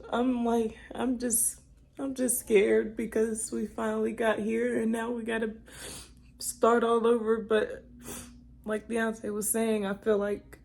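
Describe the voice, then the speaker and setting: Young woman vlogging to camera, teary and rambling, gravelly low-key voice, kinda mellow. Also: flat delivery, a little slow. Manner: emotional, tearful, rambling. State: crying. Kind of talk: personal vlog, talking to camera.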